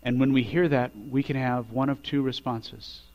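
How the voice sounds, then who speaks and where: A man preaches from the pulpit in a mid-pitched voice, swelling to forceful, loud climaxes before settling back down soft at the close of each thought. A low mains hum runs under the whole recording. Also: steady tone, normal speed, muffled recording. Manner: builds to loud emphatic peaks, drops quiet on endings. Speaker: pastor. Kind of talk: sermon.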